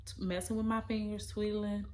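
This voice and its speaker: Woman, young adult, casual personal storytelling, emotional, halting delivery, mid-pitched voice. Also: flat delivery, warm tone, slight background noise.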